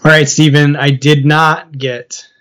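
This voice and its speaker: A man hosting a casual podcast with his best friend, friendly and quick to laugh. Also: on the high side, level tone, a bit bright, clear, resonant tone. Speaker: podcast co-host. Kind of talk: casual chat.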